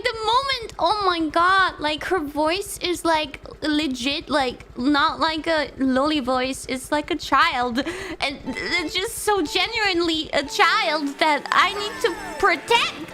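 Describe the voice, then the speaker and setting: Young woman, high voice, teasing, excitable, unhurried, music in the background. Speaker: streamer. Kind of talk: casual stream chat.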